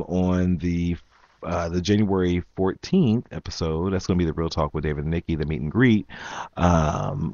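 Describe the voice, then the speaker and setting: A man's voice: low-pitched, a little mellow, no room sound. A man hosting his own late-night podcast, rambling casually with many ums and jumping from topic to topic. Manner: rambling, lots of ums, jumps between topics. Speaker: podcast host. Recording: dull, dry lo-fi sound.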